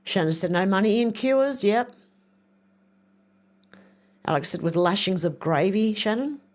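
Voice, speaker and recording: An older woman chats on her livestream in a loose, rambling way. She reads viewer comments aloud and thinks out loud while she clicks around. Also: medium pitch, expressive, measured pace. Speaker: livestream host. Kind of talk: casual livestream chat reading viewer comments.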